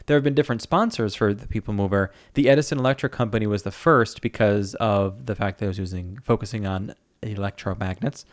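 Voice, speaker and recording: Fast-talking man, upbeat podcast co-host. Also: on the low side, no room sound, clean studio sound. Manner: upbeat, shares theme-park trivia. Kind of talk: casual chat.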